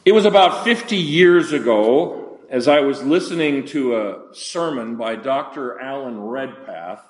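An older man preaching a sermon, deliberate and slowing down, his voice dropping for emphasis. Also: fairly high pitch, reverberant. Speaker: pastor.

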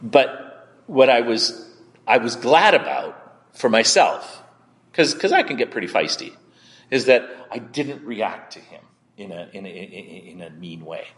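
A male pastor preaching in a conversational, candid way, often halting and repeating words as he tells a personal story. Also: medium pitch, animated, a bit bright, in a large hall.

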